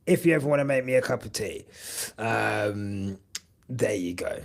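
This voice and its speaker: A man's voice: on the low side, expressive, moderate pace, vocal fry. A young man chatting casually on a live stream, rambling with many fillers and casual swearing. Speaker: podcast host streaming live.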